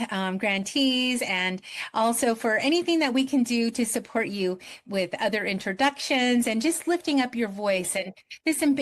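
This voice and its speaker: A woman hosting an interview over a video call, welcoming and earnest. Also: medium pitch. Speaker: host.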